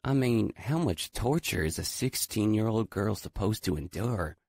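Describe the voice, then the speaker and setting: A man's voice: lowish voice, animated, normal speed, darkish tone, breathy edge, no room sound, clean studio sound, voice pushed up. A man voicing a chatty Southern teenage girl with a Southern accent, reading an audiobook.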